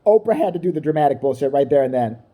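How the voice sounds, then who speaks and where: A deep-voiced woman races through a profane comedic rant with lively intonation, crudely mocking the people she describes and voicing them. The audio is narrow and tinny.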